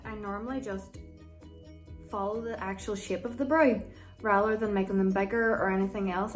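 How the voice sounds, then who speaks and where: A woman giving a casual, chatty makeup tutorial, with a loose way of talking and plenty of ums and likes. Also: mid-range voice. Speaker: makeup vlogger.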